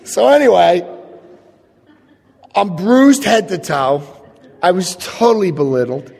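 Man, animated self-mocking storyteller; lively swings in pitch, long hall reverb. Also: takes it slowly, vocal fry, husky. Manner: animated and self-mocking, jumps into high yelps for his own past self. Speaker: speaker sharing a recovery story. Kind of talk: storytelling to an audience.

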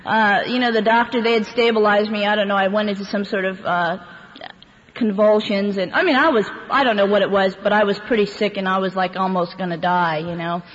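At a recovery meeting, a woman gives her personal testimony in a steady, mid-range voice at a brisk pace, candid and laughing often. The sound is dull and lo-fi, with hall echo and faint background noise.

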